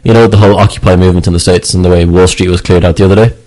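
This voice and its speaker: A man's voice: low voice, steady tone, rapid-fire, dark tone, low-quality recording. A man chatting casually on a talk show, rambling and stammering as he restarts. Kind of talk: casual chat.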